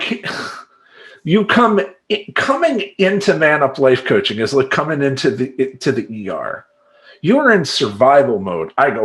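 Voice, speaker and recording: A man's voice: medium pitch, big pitch swings, unhurried, a bit bright. Rambling, emphatic male life coach. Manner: rambling, emphatic, acts out clients and sound effects. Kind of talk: casual monologue to camera.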